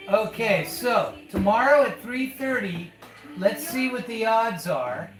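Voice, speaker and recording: A father with a high, lively voice takes it slowly while hosting a casual live stream. He is folksy and chatty about betting odds, calling his listener "son," in an echoey room with loud music.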